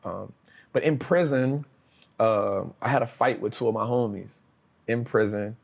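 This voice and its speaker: In an interview, this guest from New Orleans, USA recounts his life in relaxed street slang, bringing it alive by performing the quotes. He speaks unhurriedly in a fairly low, creaky voice.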